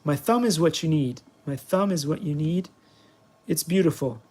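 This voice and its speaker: A man's voice: a little high, animated, moderate pace, darkish tone, breathy edge. A man hosting his review vlog, chatting in a playful, self-mocking and rambling way while flying a toy. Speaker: product reviewer, channel host. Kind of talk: casual vlog commentary while playing.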